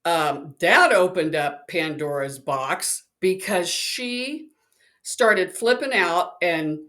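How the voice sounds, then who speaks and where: A woman's voice: on the low side, takes it slowly. A woman, a psychic, casually telling a personal story and acting out the voices of the people in it. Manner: chatty, animated, acts out quoted voices.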